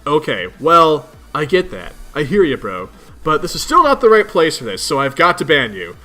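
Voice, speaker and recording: Bright, animated, cursing young troll leader, voiced by a man, gruff, faint music under him. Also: a little high, normal speed, heavily acted. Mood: placating. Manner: gruff, exasperated ranting with heavy swearing. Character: cranky teenage male troll leader, foul-mouthed.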